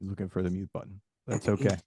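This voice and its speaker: A man's voice: low-pitched, level tone, quick pace, dark tone, a little hiss or hum. A man hosting a live webinar on video call, coaching sales agents and improvising sample messages while calling on attendees by name.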